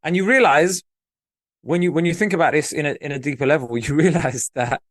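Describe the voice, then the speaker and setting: A man's voice: fairly high pitch, fairly quick, fairly bright tone, dry recording, clean studio sound. A man co-hosting a podcast, telling stories in casual, slangy, emphatic talk. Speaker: podcast co-host. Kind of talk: casual chat.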